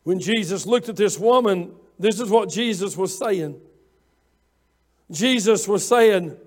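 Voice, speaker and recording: A man preaching a sermon, fervent, with rising shouts and frequent "uh" fillers. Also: high voice, slow.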